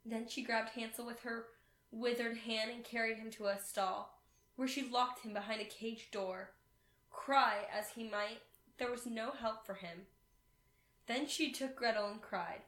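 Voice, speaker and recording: A woman reading a fairy tale aloud in a steady storytelling manner. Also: a little high, measured pace, echoey room. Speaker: reader.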